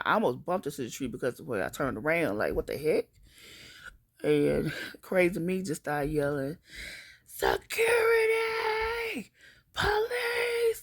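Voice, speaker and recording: A woman telling a personal story in a casual, animated and emphatic vlog style. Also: low-pitched, gravelly, husky, no room sound, studio quality.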